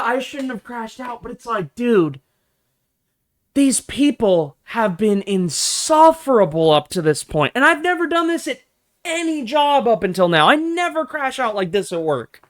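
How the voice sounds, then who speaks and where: A young man telling a workplace story in a casual, profane, animated rant, swinging between low mutters and loud bursts. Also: measured pace. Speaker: vlogger.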